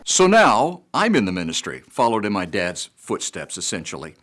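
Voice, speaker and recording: A man with a low voice tells a story from his ministry work. His delivery is calm and measured, the way a pastor talks. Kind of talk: storytelling anecdote.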